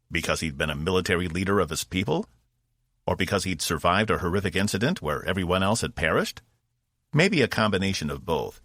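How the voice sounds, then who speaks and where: Male audiobook narrator, deep voice, measured and expressive, dry close recording. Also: no room sound. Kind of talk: scripted narration.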